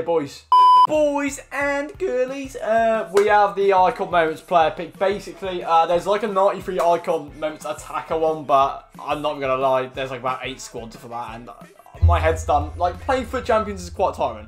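A young man commentating his own football video game matches, slangy, swearing and shouting when goals go in. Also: a little high. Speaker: gaming YouTuber. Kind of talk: excited gameplay commentary. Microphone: desk microphone.

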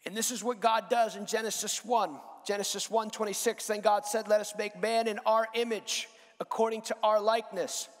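A man preaching a sermon as guest speaker in a church, moving from slow, low statements to loud, repeated emphatic phrases, with frequent restarts. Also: fairly even intonation. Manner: repeats words and restarts while building a point. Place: church sanctuary. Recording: long reverb of a large church hall.

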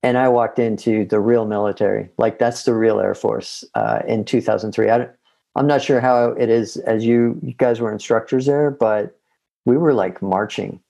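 A man's voice: fairly low pitch, steady tone, normal speed, vocal fry, dark tone. A man, a podcast guest, telling long casual stories with rambling restarts. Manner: rambling, self-interrupting anecdotes. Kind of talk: casual storytelling.

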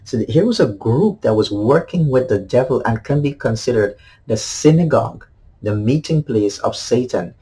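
Husky-voiced man preaching a devotional. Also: medium pitch, lively intonation, moderate pace, warm tone, poor audio. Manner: earnest, repeats key phrases, many fillers. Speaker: pastor. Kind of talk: devotional sermon.

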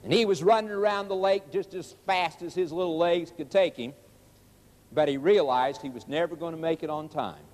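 Male preacher, high-pitched, emphatic and repetitive, in a long-reverb hall. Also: a little mellow. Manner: emphatic and repetitive, stretching key words slowly. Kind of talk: sermon.

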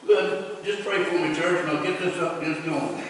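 A man's voice: a little high, steady tone, moderate pace, few pauses, fairly bright tone, slight background noise. A man preaching at a church revival, telling folksy stories in rural grammar and laughing as he goes. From United States. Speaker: pastor. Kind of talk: revival sermon. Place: church sanctuary. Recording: echoey church hall from far off.

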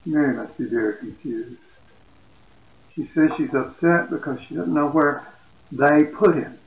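A man retells a Bible story as a lesson, with a gravelly edge to his voice. He keeps a plain storytelling tone and drops softer for quoted lines. The sound is dull and lo-fi, with a roomy echo around him. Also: fairly high pitch, measured pace. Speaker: Bible teacher. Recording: echoey, dull lo-fi room.

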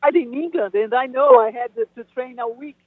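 Woman, halting speech with restarts and laughs, dry tinny phone line. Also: high-pitched, husky, no room sound. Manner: halting, restarts often, laughs between phrases. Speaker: guest musician. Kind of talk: casual interview over the phone.

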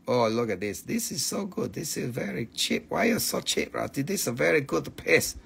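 A man's voice: medium pitch, sing-song, brisk, gravelly, fairly bright tone, slight background noise. A man hosting a live mineral sales stream, joking and swearing freely in broken English. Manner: broken, non-native English grammar.

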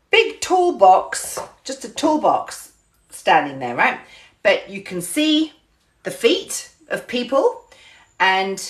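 A woman's voice: medium pitch, a bit bright. A woman telling a story to her camera in a chatty, casual way, often repeating words and describing things with gestures. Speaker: vlogger.

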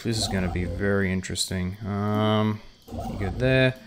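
A man's voice: on the low side, moderate pace, heavy background noise. A man casually talking through a strategy game on a livestream, thinking aloud with frequent ums and reading chat messages aloud. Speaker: livestream gamer.

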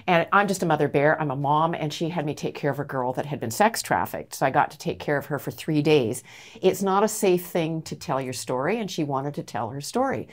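A woman's voice: low voice, expressive, brisk. A middle-aged woman from Canada, an advocate answering interview questions with earnest, emphatic storytelling. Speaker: anti-trafficking advocate, guest.

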